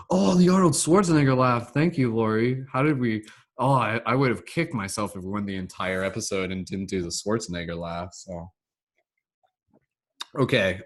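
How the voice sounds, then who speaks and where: A man hosts a casual online laughter meditation, talking upbeat and rambling with plenty of "like" fillers. His voice sits a little low. He is heard over a video call. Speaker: host, laughter meditation facilitator. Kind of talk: casual online group session.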